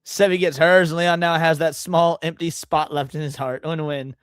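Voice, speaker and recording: Male stream host, a touch high-pitched, rambling casual chat, dry close sound. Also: level tone, moderate pace, hardly any pauses, clean tone, dry recording. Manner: loose, rambling, stumbles over words.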